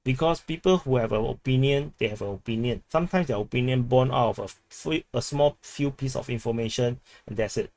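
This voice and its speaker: A man's voice: medium pitch, a little fast, few pauses, darkish tone. A man from Singapore with a Singaporean English accent, hosting a live stream and chatting casually as he reads viewer comments, often repeating words and laughing.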